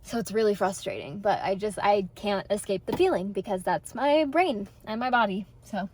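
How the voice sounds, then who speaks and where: A woman's voice: mid-range voice, animated, moderate pace, a little mellow, a little hiss or hum, rough recording. A young woman vlogging casually from her car, talking frankly and swearing as she vents. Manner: frank and profane, venting. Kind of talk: casual vlog talk. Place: car, driving.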